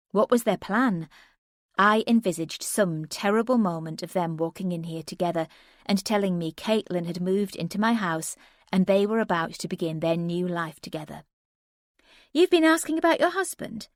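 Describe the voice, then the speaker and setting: Low-voiced woman narrating an audiobook. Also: no room sound, studio quality. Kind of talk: first-person audiobook narration.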